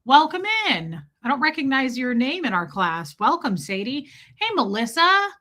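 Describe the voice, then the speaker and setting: A woman's voice: sits high, very animated, normal speed, bright, forceful tone. A woman hosting a casual livestream, chatting and teasing as she greets viewers one by one. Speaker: livestream host.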